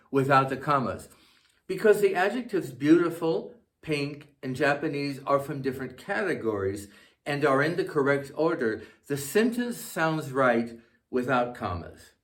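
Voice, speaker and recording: An English teacher narrates a scripted grammar lesson in a slightly high, animated voice. He dictates example sentences slowly and carefully, saying each comma aloud.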